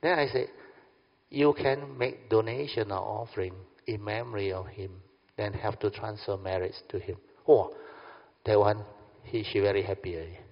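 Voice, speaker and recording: A man with a lowish voice speaking at normal speed gives a dharma talk as a Buddhist teacher, playing both parts of a dialogue and often checking "understand?". The delivery is animated, and the recording is dull and lo-fi with long hall reverb.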